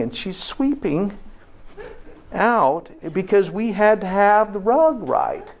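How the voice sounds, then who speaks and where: In a dull, lo-fi recording, a health presenter speaks slowly in a high-pitched, sing-song voice. He gives a live lecture on health in a homespun style, ending points with "okay?" and putting questions to the room.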